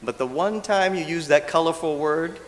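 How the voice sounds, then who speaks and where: A man's voice: on the high side, moderate pace. A male minister giving a casual, humorous dharma talk, often checking in with the audience. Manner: animated, acts out quoted voices, asks audience "right?". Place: church hall. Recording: long hall reverb.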